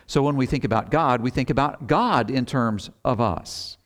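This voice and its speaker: A middle-aged man preaching a sermon, reading scripture slowly and deliberately, then explaining it in an earnest, conversational way with rhetorical asides. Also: medium pitch.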